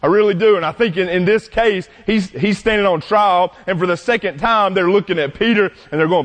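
A man, a pastor giving an animated sermon and acting out the voices he quotes. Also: high-pitched, moderate pace, hardly any pauses, big-room sound. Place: church sanctuary.

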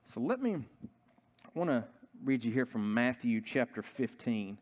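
A man's voice: mid-range voice, expressive, measured pace. A man preaching a sermon in a church, telling a story earnestly and often restarting his sentences. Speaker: pastor.

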